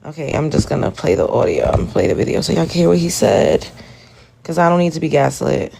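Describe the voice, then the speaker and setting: A woman's voice: sits low, sing-song, fast talker, vocal fry, dark tone. A woman hosting a live stream, reacting to a video and talking straight to her chat in an exasperated way. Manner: exasperated, addresses chat directly. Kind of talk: casual live stream commentary.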